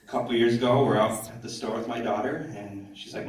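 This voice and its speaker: A man performing a stand-up comedy set on a theater stage, conversational with deadpan punchlines. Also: medium pitch, brisk. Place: theater stage, live audience. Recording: echoey hall from far off, audience noise.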